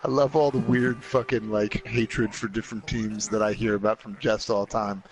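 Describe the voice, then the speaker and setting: A man co-hosting casual video game commentary, excitable and rambling, swearing freely. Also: on the low side, normal speed, low-quality recording. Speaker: podcast host and co-commentator. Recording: faint background noise.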